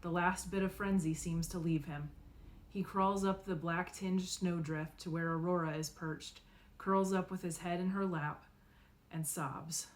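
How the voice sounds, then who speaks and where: A woman narrating a novel in the first person, expressive and acting out the dialogue. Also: fairly low pitch, measured pace. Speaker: audiobook reader.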